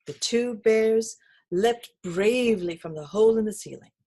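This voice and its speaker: A woman reading a children's picture book aloud in an expressive, sing-song storytelling manner. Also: on the high side, moderate pace. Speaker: reader.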